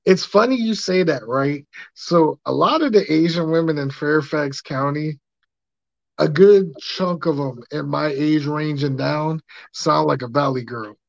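Gravelly man on a dull lo-fi mic. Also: a little high, unhurried, no echo. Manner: laid-back storyteller, profane. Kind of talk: casual podcast storytelling.

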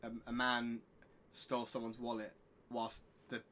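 A man's voice: mid-range voice, monotone, a little slow, sharp tone, slight background noise. A young man co-hosting a podcast in casual chat, rambling and self-deprecating, often laughing. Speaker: podcast co-host.

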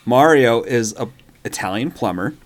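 A man co-hosting a casual podcast, making deadpan jokes in a mock-lecturing way. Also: mid-range voice, moderate pace. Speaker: podcast co-host. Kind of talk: casual chat.

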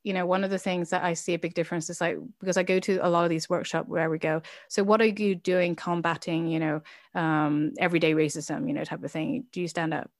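A woman's voice: lowish voice, flat delivery, fast, no room sound, studio quality. Earnest woman telling personal stories. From Chinese heritage. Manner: earnest, reflective, many fillers and restarts. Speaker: interview guest, business founder. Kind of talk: candid personal interview.

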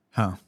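A man sharing an emotional personal testimony as a podcast guest, speaking earnestly and haltingly with many restarts.

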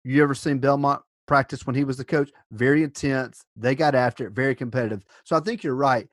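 A man hosts a podcast, backing up his guest with quick agreement before steering toward the next question. His voice sounds close and dry, with almost no room around it, in a middle pitch. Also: steady tone, no room sound. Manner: affirming, guides the conversation to the next topic. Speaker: podcast host. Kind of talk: podcast conversation.

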